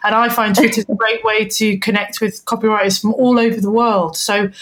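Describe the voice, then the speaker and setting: A woman's voice: mid-range voice, level tone, brisk, a bit bright. A woman hosting a podcast who chats and asks questions, stumbling over words now and then. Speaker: podcast host. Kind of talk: casual interview chat.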